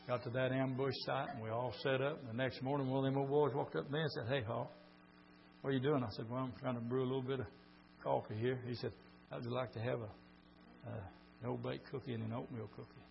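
An older man preaching a sermon, telling folksy stories and swinging from quiet talk to shouts. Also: medium pitch, fairly even intonation, fast, gravelly. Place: church meeting. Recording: dull lo-fi recording with mains hum.

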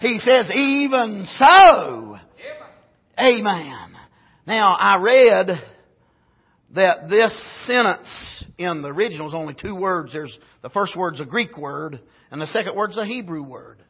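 A man preaching a sermon, swinging from shouted exclamations to low, quiet asides. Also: expressive, slow, husky, lo-fi sound.

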